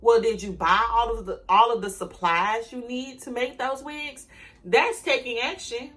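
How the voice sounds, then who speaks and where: Young woman vlogger, motivational to camera, bright forceful tone, preachy, repeats affirmations. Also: on the high side. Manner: emphatic, repeats affirmations slowly; preachy and direct, ends points with "okay?". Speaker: vlogger teaching a hair business.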